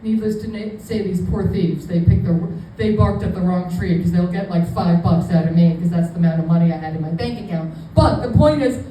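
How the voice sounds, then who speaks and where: A woman's voice: lowish voice, brisk, few pauses, mellow, a little hiss or hum. A woman in her fifties from New York City telling a rambling, self-deprecating stand-up story to a live audience. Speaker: comedian. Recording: echoey venue, mic far off.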